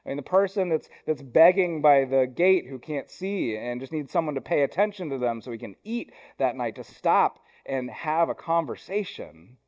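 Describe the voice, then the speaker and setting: A young man delivers a sermon in a church sanctuary. His voice sits slightly higher than most men's, and his tone is conversational, with self-deprecating asides. He speeds through some thoughts and slows deliberately on others. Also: expressive, darkish tone. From Ohio, US. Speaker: pastor.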